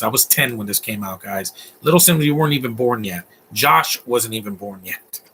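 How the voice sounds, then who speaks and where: A man's voice: mid-range voice, sharp tone, slight background noise. A man in his thirties giving a casual, opinionated live commentary on a film, chatty and full of fillers. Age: 30s. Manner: chatty, opinionated, laughs often, many fillers.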